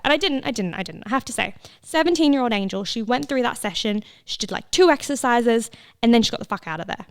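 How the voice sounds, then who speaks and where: A woman's voice: on the high side, animated, fast, clear, resonant tone, no room sound, clean studio sound. A woman, hosting a casual solo podcast, chatty and laughing, swearing freely and sometimes dropping into whispers. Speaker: podcast host. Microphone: close mic with headphones listeners.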